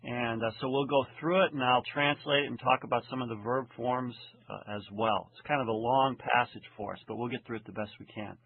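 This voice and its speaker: A man teaching a lecture, translating a text verse by verse in a deliberate, methodical way and slowing down to read the original lines. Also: fairly even intonation, creaky, slightly rough. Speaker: Hebrew Bible teacher. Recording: tinny phone-like low-fidelity audio.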